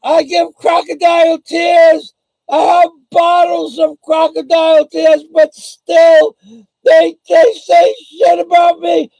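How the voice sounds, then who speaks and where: A man's voice: extremely high pitch, monotone, takes it slowly, vocal fry, a little mellow, no room sound, raised voice, pitched above the performer's own voice, exaggerated voice, poor audio. A man putting on a whiny, self-pitying man who wails that everyone betrays him. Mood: wailing. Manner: shrieking, wailing complaints.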